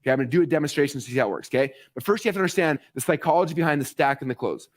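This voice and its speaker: A man in his forties teaching a live online masterclass, talking straight to his viewers and acting out quick quotes with excitement. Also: fairly high pitch. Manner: fast, excited, talks to the audience directly, acts out quotes. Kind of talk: energetic live-stream teaching.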